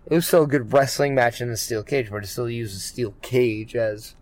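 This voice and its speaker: A man co-hosting a casual wrestling podcast rambles along at a moderate pace, his medium-pitched voice a little mellow. He fills his talk with fillers and keeps restarting his thoughts.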